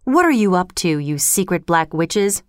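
A woman's voice: lowish voice, sing-song, moderate pace, smooth, no room sound, studio quality. A woman voicing a proud, bold king in a commanding storybook reading.

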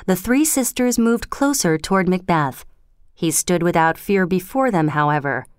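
Smooth-voiced woman reading a story. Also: fairly low pitch, expressive, no room sound, studio quality. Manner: measured, clear reading. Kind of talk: scripted storybook narration.

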